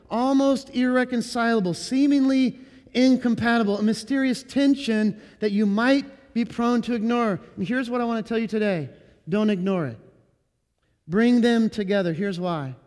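High-voiced man preaching in a reverberant hall. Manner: earnest preaching, slowing and rising on key words. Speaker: pastor. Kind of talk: sermon.

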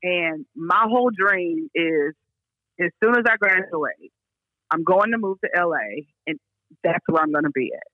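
A young woman from Memphis, a counselor telling her story in casual, animated talk. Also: fairly low pitch, dry recording. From Memphis, USA. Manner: animated, laughs often, fast bursts. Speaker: guest, counselor and therapist. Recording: dull lo-fi sound.

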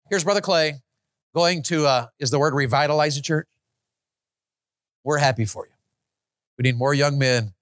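A man's voice: on the high side, a bit bright, dry recording, studio quality. A man preaching a sermon in an auditorium, building to impassioned, pleading prayers.

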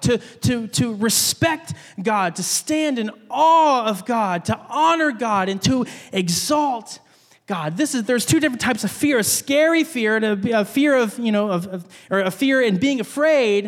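A man preaching a sermon as a pastor, telling a story with animated delivery and acting out voices, in a church. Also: very high voice. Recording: long reverb of a large hall.

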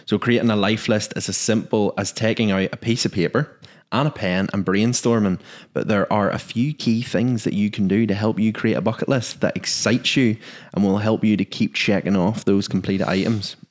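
A man hosting a casual podcast chat, joking and chatty. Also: fairly low pitch. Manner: lively, joking, quick asides. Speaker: podcast host.

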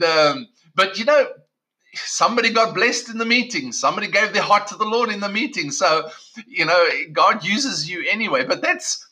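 A middle-aged South African pastor tells his personal testimony conversationally, restarting often. His high-pitched voice is pushed and bright, and the audio is poor.

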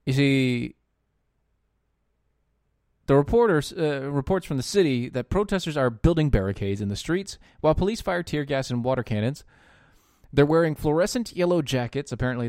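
A man giving opinion commentary, halting often with fillers and dropping into sarcastic muttered asides. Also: medium pitch, darkish tone, no echo, studio quality. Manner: sarcastic asides muttered under his breath; halting, with frequent fillers and restarts. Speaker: political commentator.

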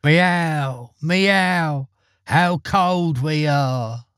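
Man doing creepy black cats, meowing slow and high, wheedly, husky. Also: a bit bright, dry recording, clean studio sound. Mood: mournful. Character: sly evil black cats, mournful and wicked.

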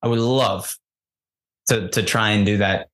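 Animated man, slightly low voice. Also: unhurried. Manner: animated and self-deprecating, with frequent laughs and restarts. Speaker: actor, interview guest. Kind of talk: casual chat.

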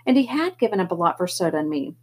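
A woman reading a novel aloud in first person, steady and plain, with the odd slip. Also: lowish voice, fast, husky. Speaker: audiobook reader.

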